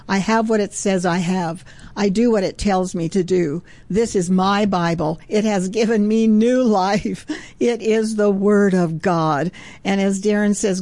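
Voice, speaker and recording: A woman hosts a devotional radio ministry show in a warm, mellow voice, earnest and fervent, often breaking into praise. Her delivery is chatty and conversational, with small restarts, and the recording is close and dry with no room sound. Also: mid-range voice, dry recording.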